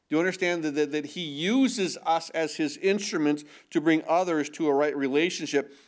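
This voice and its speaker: Earnest preacher man, slightly high voice. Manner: earnest, repetitive, asks the audience questions. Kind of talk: sermon.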